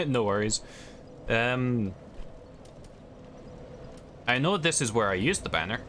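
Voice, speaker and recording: Animated but slow, this Scottish gamer talks in a medium-pitched, fairly bright voice while streaming, rambling casually through answers to viewer questions. There's slight background noise.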